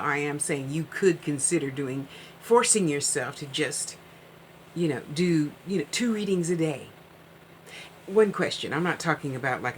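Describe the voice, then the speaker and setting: A woman's voice: low voice, a little hiss or hum, rough recording. Chatty, rambling woman on a live stream. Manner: chatty, rambling and animated, with frequent asides. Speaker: psychic reader hosting a live stream. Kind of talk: casual live-stream chat.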